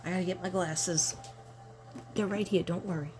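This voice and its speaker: Chatty older woman, excitable vlogger. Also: fairly low pitch, normal speed, long pauses, noisy background. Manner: chatty and excitable, gasping with delight. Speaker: tarot reader and vlogger. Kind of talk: casual unboxing chat to viewers.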